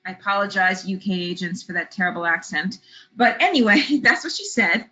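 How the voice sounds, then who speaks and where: A woman's voice: medium pitch, a little fast, bright, forceful tone, muffled recording. A woman leads a travel business webinar and tells a personal story to make a point, chatting with lots of fillers. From California. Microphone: webinar computer mic.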